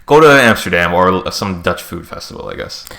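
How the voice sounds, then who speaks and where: Low-voiced man, lively storyteller. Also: normal speed, gravelly. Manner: playful, rambling storyteller. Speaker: podcast host. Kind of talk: casual chat.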